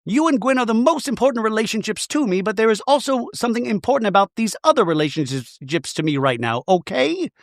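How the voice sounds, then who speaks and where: A man voicing an emotional, glamorous wife in a high, pleading falsetto. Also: sing-song, quick pace, hardly any pauses, no echo, clean studio sound.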